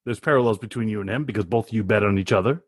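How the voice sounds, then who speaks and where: A man hosting a podcast, relaxed and agreeable, laughing along with his guest. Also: fairly low pitch, rapid-fire, husky. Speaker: podcast host. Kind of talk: casual chat.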